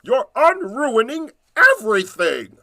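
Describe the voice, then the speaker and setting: Man putting on a goblin king voice, storybook villain, high squawky pitch, loud and shouty, bossy. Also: sing-song, slow pace, no room sound, clean studio sound, exaggerated voice. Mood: panicked.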